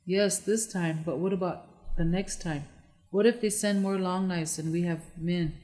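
Soft-spoken widow, voiced by a storyteller, anxious, pleading, long reverb. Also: mid-range voice, fairly even intonation, unhurried, close to an everyday voice. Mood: distressed.

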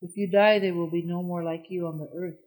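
A wise old-world male eagle in a storybook, calm and kind, offering comfort in measured words, as the narrator voices him. His voice lifts a little above the telling, lively but unhurried. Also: medium pitch, natural voice, rough recording. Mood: gentle. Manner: calm, gentle and reassuring.

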